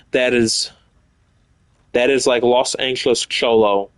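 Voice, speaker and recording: A young man streaming a video game, swearing excitably and reading in-game notes aloud. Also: medium pitch, slow pace, long pauses, clear, resonant tone, dry recording. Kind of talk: casual live gameplay commentary.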